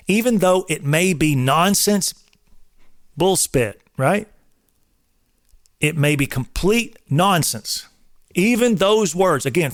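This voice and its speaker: A man's voice: on the high side, no room sound, clean studio sound. A man in his forties giving an emphatic, coach-like talk on faith and marriage, like a drill instructor. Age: 40s. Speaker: host. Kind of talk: casual preaching talk.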